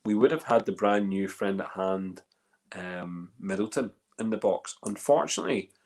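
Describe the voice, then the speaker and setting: A man's voice: deep voice, moderate pace, a little mellow, a little hiss or hum. A man with a Northern Irish accent hosting a whiskey tasting in casual, rambling chat full of fillers and restarts. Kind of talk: casual live-stream chat.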